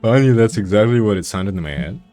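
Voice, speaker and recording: A man's voice: lowish voice, animated, quick pace, mellow, soft background music. A man streaming while he draws, chatting casually and swearing offhandedly. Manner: laid-back, swears casually. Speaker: art streamer.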